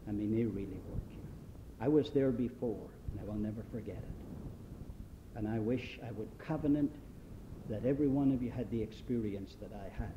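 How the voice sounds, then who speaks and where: Male preacher from Britain, storytelling sermon, mid-pitched, dull recording with faint rumble. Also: a little fast. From Great Britain. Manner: storytelling, recounting testimonies from a mission trip.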